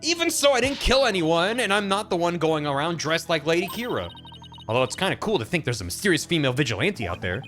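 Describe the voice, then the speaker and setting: A man's voice: a little high, very animated, fast, a bit bright, soft background music. A man doing an eager young woman medium. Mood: earnest.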